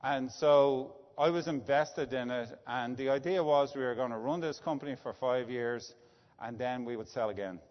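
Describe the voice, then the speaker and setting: A man's voice: mid-range voice, moderate pace. Irish man telling stories in a reverberant hall. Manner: anecdotal, tag questions like "right?". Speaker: business executive. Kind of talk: conversational storytelling. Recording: dull lo-fi sound with long reverb.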